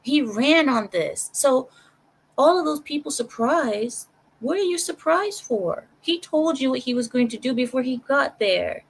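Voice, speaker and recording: Animated woman chatting to her stream. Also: sits high, measured pace, slightly rough, rough recording. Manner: animated, talks straight to chat, repeats herself for emphasis. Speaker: live-stream commentator. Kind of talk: casual live-stream opinion chat.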